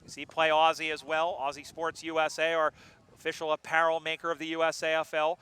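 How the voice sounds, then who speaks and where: A man calling an amateur football game live, joking between plays and getting excited on big moments. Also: fairly high pitch, a little fast, clear, resonant tone. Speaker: play-by-play commentator. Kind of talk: live sports commentary.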